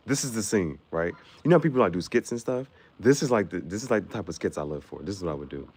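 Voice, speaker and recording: A man casually chatting with his live-stream viewers, playful and quick to laugh as he riffs on the spot. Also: fairly low pitch, big pitch swings, a little mellow, breathy edge.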